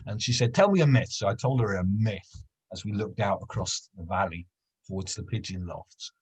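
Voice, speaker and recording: A storyteller, a man, tells anecdotes in relaxed conversation, stumbling and restarting as he goes. His voice is on the low side with a husky edge. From Wales. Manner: halting, with frequent restarts and repeated words. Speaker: professional storyteller. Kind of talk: casual conversation, recounting anecdotes.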